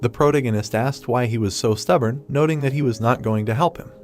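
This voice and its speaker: A man narrating a comic recap in an even, steady third-person retelling. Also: medium pitch, a little fast. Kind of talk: scripted narration.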